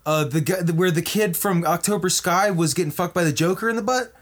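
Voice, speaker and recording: A man in comedic banter, pitching absurd movie ideas in an excitable, profane way and constantly asking "right?". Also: brisk.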